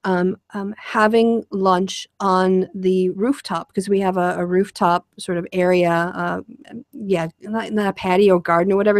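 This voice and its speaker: A woman's voice: lowish voice, dry recording. A woman hosting a casual conversation, explaining ideas in a rambling way with lots of fillers and restarts. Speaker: show host.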